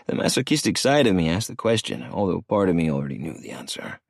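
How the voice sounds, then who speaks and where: A man narrating an audiobook in the first person with an expressive, dramatic delivery. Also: low-pitched, quick pace, vocal fry, hardly any pauses, no room sound, studio quality.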